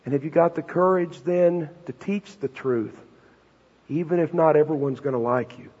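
High-voiced husky preacher man. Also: normal speed, a little mellow. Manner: emphatic, conversational preaching with rhetorical questions. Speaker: pastor. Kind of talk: sermon. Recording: dull, reverberant hall recording.

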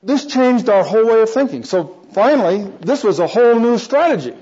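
An older preacher gives a personal testimony within a sermon, circling back, restarting sentences and chuckling softly. His voice is fairly high for a man, sing-song, mellow and a little fast. The lo-fi recording sounds dull, with slight background noise.

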